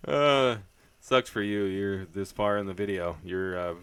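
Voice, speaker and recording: A man's voice: on the low side, steady tone, takes it slowly, a bit bright, clean tone. A man playing a horror game and joking his way through it, with crude humor and lots of laughter. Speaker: gaming video host. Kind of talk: horror game let's play commentary.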